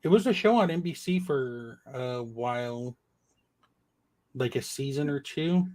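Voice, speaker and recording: A man's voice: mid-range voice, expressive, measured pace, darkish tone. A man co-hosting a casual chat about comics, with dry, teasing jokes. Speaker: podcast co-host.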